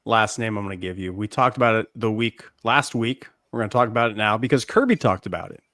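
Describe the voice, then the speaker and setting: A man's voice: on the low side, fast, bright, forceful tone, no room sound, clean studio sound. A man co-hosting a casual sports podcast, talking with enthusiasm as he builds up his predictions. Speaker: podcast co-host.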